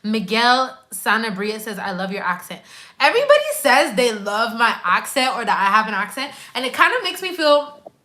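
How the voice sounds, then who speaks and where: A woman from Quebec hosts a casual live chat and answers her viewers' comments. Her voice is bright and a little high. She talks in a hyped, slangy way and repeats words for emphasis. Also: big pitch swings, normal speed. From Quebec, Canada. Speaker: nurse and YouTuber hosting a live chat.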